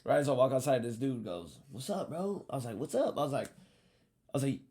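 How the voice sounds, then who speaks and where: A man casually telling a story, animated and profane, acting out what people said. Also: mid-range voice, a little fast. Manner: animated, profane, acts out quotes.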